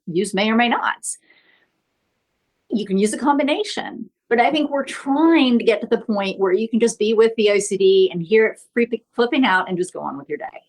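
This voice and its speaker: Earnest high-voiced woman explaining. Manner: earnest, explanatory, often adds "right?". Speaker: guest therapist. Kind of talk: podcast interview.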